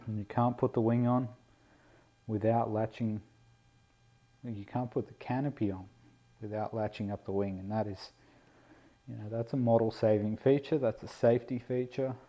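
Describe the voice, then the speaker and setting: His mid-range voice has a warm tone as this RC plane vlogger casually unboxes a model plane indoors, making fun of himself along the way. The camera-mic recording is dull and lo-fi.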